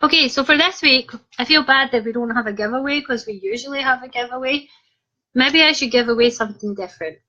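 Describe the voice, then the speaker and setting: A woman's voice: a little high, sharp tone. Chatty Scottish woman on a muffled live stream. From Scotland. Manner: chatty, reads out comments, jokey asides. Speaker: author hosting a live stream. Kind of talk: casual live-stream chat.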